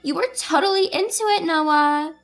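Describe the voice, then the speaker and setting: A woman's voice: extremely high pitch, normal speed, a bit bright, faint music behind, voice pushed up. A woman voicing a defensive, indignant cheating wife.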